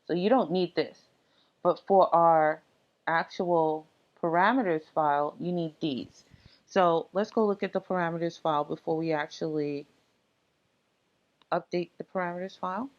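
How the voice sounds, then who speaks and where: A woman giving a casual tech tutorial, explaining setup steps in a relaxed, halting way with frequent fillers. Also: sits low, muffled recording. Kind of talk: casual screen-recorded walkthrough.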